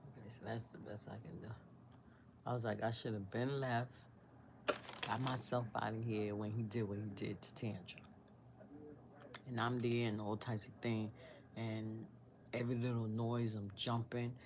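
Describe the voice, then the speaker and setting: A woman's voice: rumbling low, flat delivery, moderate pace, noisy background. Earnest older woman telling a personal story. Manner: rambling, searching for words, drops to a hushed near-whisper; earnest and devout. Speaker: storyteller vlogger.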